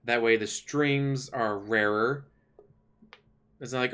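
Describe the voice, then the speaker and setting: A man's voice: medium pitch, steady tone, takes it slowly, pauses often, pushed and bright. Chatty man ranting on a livestream. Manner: complaining, chatty, sarcastic. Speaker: livestream host. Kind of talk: casual rambling chat.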